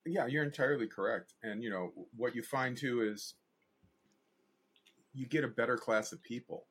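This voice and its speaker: A man's voice: mid-range voice, moderate pace, slightly rough. A man, a guest animator and director, telling stories in a casual interview and acting out the voices of the people he quotes. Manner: animated anecdote teller, acts out quoted voices.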